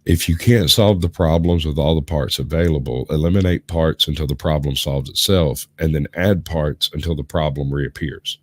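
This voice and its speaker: A sick man with a hoarse, gravelly voice, rambling and explaining in a casual chat as host of a live stream. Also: rumbling low, normal speed, hardly any pauses, dry recording. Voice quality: rough, gravelly. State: hoarse from illness.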